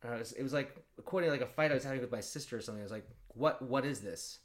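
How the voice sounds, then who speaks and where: A man chatting casually as a podcast co-host, rambling through a story and reading messages aloud in a flat voice. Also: medium pitch, very fast. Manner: rambling storyteller, swears, reads chat logs aloud in a flat voice. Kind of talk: casual chat.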